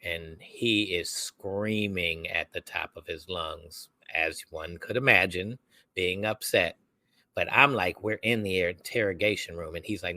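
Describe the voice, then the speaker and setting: A young man co-hosting a podcast, telling a story in a casual, animated way. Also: deep voice, a little slow, no room sound. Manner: animated, acts out quoted voices. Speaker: podcast co-host.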